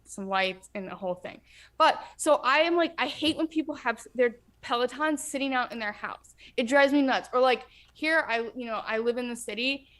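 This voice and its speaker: A woman's voice: on the high side, fairly bright tone. A young woman guest in casual chat, ranting bluntly with lots of fillers.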